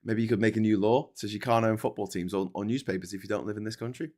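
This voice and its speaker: Talking very fast in a low, slightly mellow and steady voice, a middle-aged Scouse streamer briefly runs through super chats on his news livestream. He's rambling and sarcastic, swearing and making lots of false starts.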